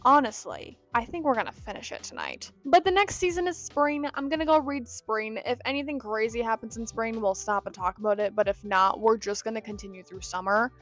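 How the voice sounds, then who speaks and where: A young woman chatting casually in a reading vlog, rambling and self-deprecating, with quiet asides now and then. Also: fairly high pitch, animated, brisk, few pauses, faint music behind. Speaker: book vlogger.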